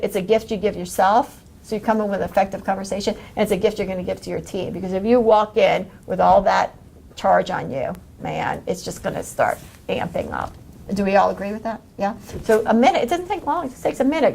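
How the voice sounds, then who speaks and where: A woman's voice: medium pitch, creaky, a little mellow. A woman leading a live coaching workshop for a group, talking energetically, laughing often and acting out quoted lines. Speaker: workshop leader.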